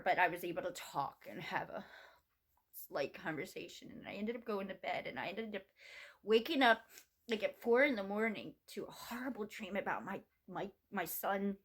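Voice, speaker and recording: A middle-aged woman vlogging from home, telling a personal story in a halting, rambling way with many restarts. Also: fairly low pitch, husky.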